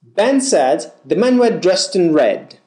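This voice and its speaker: A man teaching pronunciation, modelling words and phrases one at a time in a clear, deliberate way. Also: sits high, sing-song, darkish tone. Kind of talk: slow drilled pronunciation lesson.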